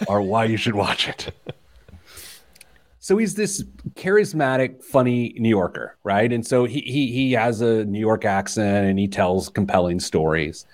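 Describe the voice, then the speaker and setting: Guy in his 40s hosting a money show, low voice, really lively, laughs a lot and goes off on tangents. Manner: animated storyteller, laughs often, jumps between tangents. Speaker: personal finance podcast host. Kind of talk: casual chat.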